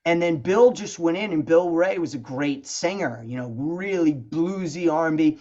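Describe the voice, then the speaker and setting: A middle-aged man, a guest songwriter, telling stories in a casual interview, chatty and animated, filling his talk with "you know" and "man". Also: a little high, moderate pace. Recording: dull lo-fi sound.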